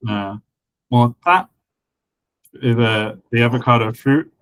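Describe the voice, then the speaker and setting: A man talks slowly and patiently through a linguistics point, pausing often with ums and uhs. His voice is mid-pitched and recorded dry and close. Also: smooth, no echo, rough recording. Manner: halting, many fillers, explains patiently. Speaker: conlang creator guest and co-host. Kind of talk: casual podcast chat about linguistics.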